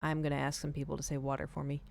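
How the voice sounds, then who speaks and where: Low, monotone and gravelly, her voice races along with no echo. She's a Southern woman streaming as she plays, keeping the chat casual while she rants and mocks people's pronunciations.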